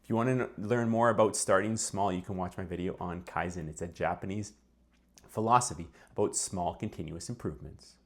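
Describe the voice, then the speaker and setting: A man talking straight to the viewer about concussion recovery, earnest and emphatic, with a hoarse, failing voice. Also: low-pitched, fairly quick. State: hoarse, losing his voice. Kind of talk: direct-to-camera advice talk.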